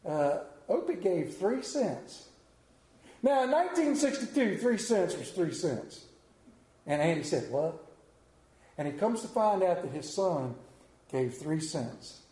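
A man's voice: sits high, very animated, a little slow, dark tone. A man telling a story in a folksy, heartfelt way. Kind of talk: retelling a TV episode to an audience. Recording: roomy echo.

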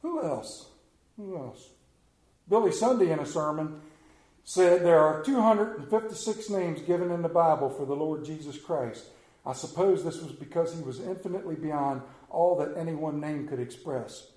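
A man preaching a sermon, with a slow, dramatic delivery that swings from loud to hushed. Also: a little high, animated, roomy sound. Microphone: camera.

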